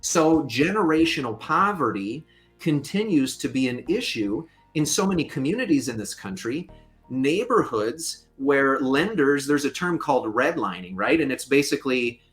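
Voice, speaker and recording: A man's voice: mid-range voice, very animated, moderate pace, fairly bright tone, faint music behind. A man as a podcast guest, a fair lending consultant, explaining in an emphatic way with joking asides. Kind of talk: podcast interview.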